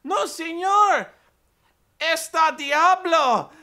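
A man doing a shrill frantic housekeeper woman. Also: little pitch movement, normal speed, pushed and bright. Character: frantic middle-aged woman housekeeper warning of demons.

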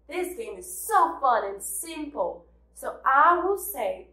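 A woman teaching a virtual preschool class, slow and cheerful, repeating words for the children. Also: sits high, expressive, bright, forceful tone, roomy sound.

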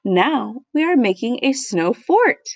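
A woman voicing a firm, patient but bossy grown-up male teacher, speaking slowly and deliberately. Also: a little high, very animated, no room sound, exaggerated voice.

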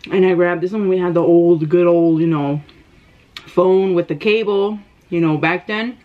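Animated woman telling stories. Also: lowish voice, moderate pace. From United States. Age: 30s. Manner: animated, gasping, breathless retelling. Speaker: mukbang vlogger. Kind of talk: storytelling while eating. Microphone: camera microphone. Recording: slightly dull lo-fi sound.

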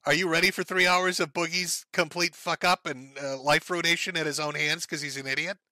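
A man's voice: on the high side, steady tone, fairly quick, pushed and bright, no room sound. A man hosting a live stream, ranting in profane, sarcastic, mocking commentary. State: sore, says his throat gives out.

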